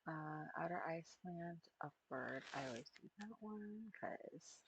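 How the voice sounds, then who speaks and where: Slow gravelly streamer muttering to themselves. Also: medium pitch, expressive, slight background noise. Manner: muttering to self, trailing off mid-thought. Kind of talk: casual live-stream chat while building an avatar.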